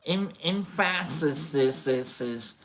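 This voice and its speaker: Slow, chatty host reading philosophy. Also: mid-range voice, lively intonation, a bit bright. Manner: stops to restate and stress phrases, jokey asides to chat. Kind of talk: reading a philosophy book aloud with casual asides.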